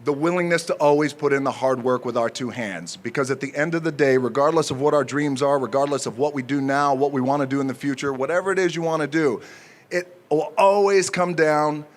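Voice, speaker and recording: A man in his forties giving an unscripted acceptance speech at an outdoor ceremony, joking and pausing often with fillers. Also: a little high, steady tone. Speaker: speaker at an outdoor honor ceremony.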